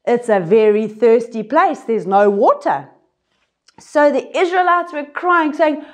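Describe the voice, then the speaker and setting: A woman teaches a children's Bible lesson, her voice high and swooping. She talks slowly and acts out voices and sound effects. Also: sing-song. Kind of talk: animated Bible lesson for kids.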